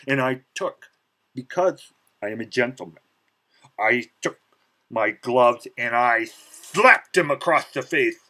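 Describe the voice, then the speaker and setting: A man's voice: takes it slowly, poor audio. Brief: male vlogger, mid-range voice, spinning a self-mocking brag story. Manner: theatrical, pitch jumping sharply when excited; boastful, self-mocking, many "you know" fillers. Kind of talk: comic storytelling monologue.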